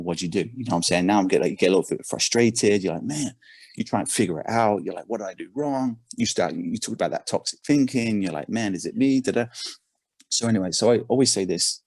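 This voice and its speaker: English guy, deep and a bit husky, animated story with lots of "you know" and repeats. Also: fast, dry recording. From England. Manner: animated, repeats words, many fillers. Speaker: performance coach. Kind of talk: storytelling podcast interview.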